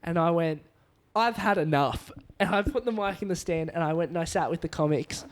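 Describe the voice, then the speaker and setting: A young man with a slightly raised voice tells stories as a podcast guest. He talks in an animated, loose way, laughing often and stringing thoughts together with plenty of fillers. It is relaxed, conversational comedian chat. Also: a little high, fairly quick. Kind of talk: casual podcast storytelling.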